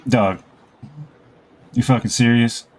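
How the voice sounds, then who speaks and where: A man's voice: mid-range voice, steady tone, takes it slowly, a little hiss or hum. A man co-hosting a podcast in casual chat, blunt and incredulous, with heavy profanity. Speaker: podcast co-host.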